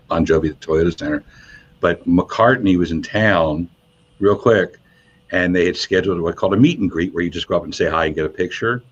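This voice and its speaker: Veteran radio DJ guest, low husky voice, animated raconteur, slightly dull lo-fi sound. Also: male voice. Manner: animated storyteller, voices quotes with high pitch jumps. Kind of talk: casual storytelling interview. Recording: muffled lo-fi sound.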